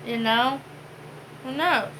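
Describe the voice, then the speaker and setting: A woman's voice: high-pitched, slow pace, sharp tone, slight background noise, rough recording. A woman co-hosting a home vlog, chatting casually and rambling with many fillers. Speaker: vlog co-host. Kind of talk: casual chat.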